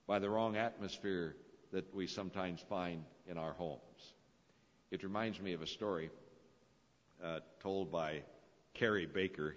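A man preaching a sermon, telling stories with dramatic, swelling emphasis. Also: sits low. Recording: dull lo-fi recording in a reverberant hall.

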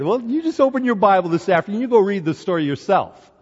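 A man preaching a sermon, lively and acting out voices from scripture. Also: sits high, fairly quick, breathy edge. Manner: animated, acts out biblical voices. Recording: dull recording in a hall.

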